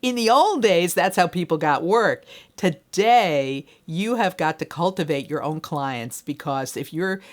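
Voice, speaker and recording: Woman, middle-aged, voiceover coach, low-ish voice, lively swooping delivery, conversational training video. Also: unhurried. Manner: upbeat and conversational, talks straight to the viewer. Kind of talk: direct-to-camera training video.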